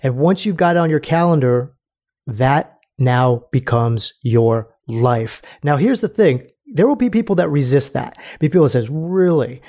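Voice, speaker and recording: Mellow-voiced male life coach, animated. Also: medium pitch, normal speed. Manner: animated, calls the listener bro, acts out the whiny inner voice. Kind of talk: motivational podcast monologue.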